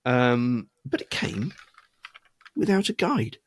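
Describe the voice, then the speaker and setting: A man's voice: mid-range voice, very animated, slow. A man co-hosting a podcast, telling a rambling story with a dry, self-amused tone. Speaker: podcast co-host. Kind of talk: casual chat.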